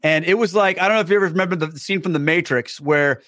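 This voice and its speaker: A man telling a personal story as a podcast guest, animated, acting out the dialogue. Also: on the high side, fast talker, dry recording, clean studio sound. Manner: many fillers and restarts.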